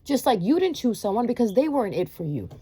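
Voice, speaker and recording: Fast and fairly high-pitched, her mellow, breathy voice swings widely in pitch. The speaker is a tarot reader giving viewers a blunt, sermonizing monologue laced with profanity, rhetorical questions, and lots of filler words.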